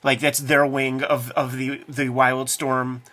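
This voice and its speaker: A man's voice: medium pitch, flat delivery, takes it slowly, bright, forceful tone. A man co-hosting a casual chat about comics as a cartoonist, talking profanely and acting out tough-guy lines from movies. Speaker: cartoonist co-host.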